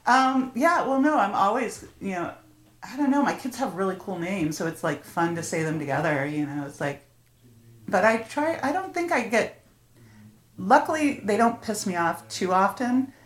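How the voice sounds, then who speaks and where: A woman's voice: medium pitch, animated, moderate pace, reverberant. A middle-aged woman hosting a podcast in casual chat, laughing often and swearing freely. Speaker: podcast host.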